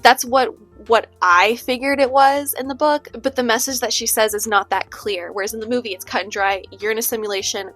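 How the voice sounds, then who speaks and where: A woman's voice: medium pitch, fairly bright tone. A woman talking casually in a book vlog, chatty, with many fillers and asides like "okay?". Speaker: book vlogger. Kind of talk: casual chat. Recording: faint music under the voice.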